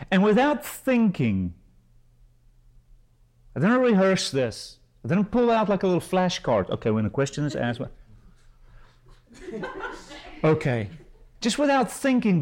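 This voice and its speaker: A man preaching a sermon as a pastor and Bible school teacher, impassioned, swinging between loud rises and hushed drops. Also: high-pitched, poor audio.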